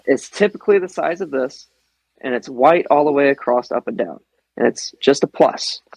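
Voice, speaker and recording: A young man hosts a podcast in a casual chat. He talks earnestly and swears casually, drifting from one tangent to the next. His voice is plain in pitch and recorded dry. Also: lively intonation, moderate pace, gravelly, a little mellow, breathy edge, no room sound, poor audio. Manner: earnest, profane, digressive. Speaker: podcast host.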